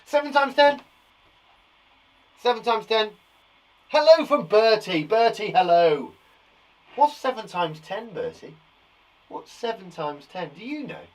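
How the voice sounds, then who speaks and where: A male teacher talks young children through their times tables in a live lesson. His voice is on the higher side, and he keeps reassuring them as he counts along. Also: big pitch swings, a little slow, long pauses, rough recording. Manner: encouraging, chatty and reassuring. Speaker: primary school teacher.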